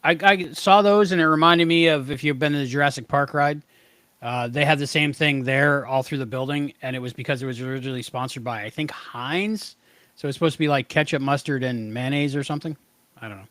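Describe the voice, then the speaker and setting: A man's voice: mid-range voice, a little fast, fairly bright tone, no echo. A man co-hosting a podcast in casual review chat, easygoing and reading viewer comments aloud. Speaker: podcast co-host.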